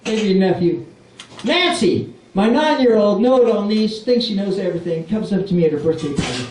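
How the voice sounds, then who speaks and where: A man in his forties doing a stand-up comedy set, delivering deadpan one-liners and bantering with the crowd. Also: sits high, a little fast, a little hiss or hum. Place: comedy club stage. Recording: roomy club, distant mic, crowd laughter.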